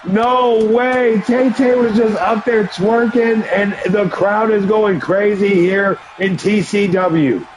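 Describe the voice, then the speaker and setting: Excitable high-voiced man calling play-by-play. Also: slow pace, few pauses, noisy background. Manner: excitable, often shouting, chatty asides to viewers. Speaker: livestream host and commentator. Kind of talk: play-by-play commentary of a wrestling video game.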